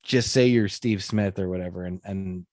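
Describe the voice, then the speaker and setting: A man's voice: sits low, normal speed, a little mellow, no echo, clean studio sound. A man co-hosting a movie podcast in casual chat, rambling, laughing and acting out quotes. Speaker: podcast co-host.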